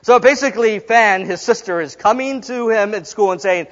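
A man's voice: high voice, normal speed. A middle-aged man preaching a sermon, telling a story and acting out the people in it, laughing often. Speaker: pastor. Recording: dull sound in a reverberant hall.

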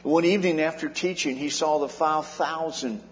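A pastor delivering an earnest sermon, his fairly high male voice swelling and dropping to drive points home. The sound is dull and muffled. A long reverb trails his words through the church hall. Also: moderate pace. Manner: earnest preaching, rising and dropping in volume for emphasis. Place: church sanctuary.

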